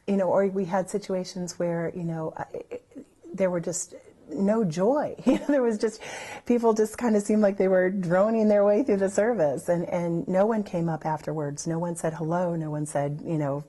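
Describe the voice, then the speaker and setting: A woman's voice: fairly low pitch, moderate pace. A woman, a church member, telling her own story unscripted, rambling along with lots of "you know" fillers. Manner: lively when recalling others' words.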